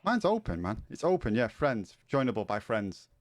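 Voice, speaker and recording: A Liverpool man with a Scouse accent chats with a friend while he streams a game. His voice is mid-pitched and everyday. He talks eagerly and insistently, swearing freely. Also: sing-song, moderate pace. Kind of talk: casual gaming chat.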